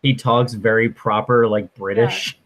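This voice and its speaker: A woman guest with an exceptionally low voice, chatting casually. She jokes along with the others and trips over her words as she starts sentences. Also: steady tone, measured pace. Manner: laughing, joking, stumbles on words. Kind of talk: casual chat.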